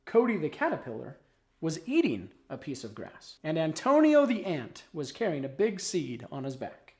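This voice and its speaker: A male storyteller reads a children's tale with lots of expression. His pitch swings widely through each sentence. He leans into dramatic pauses. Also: huge pitch swings, a little mellow. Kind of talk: storybook narration.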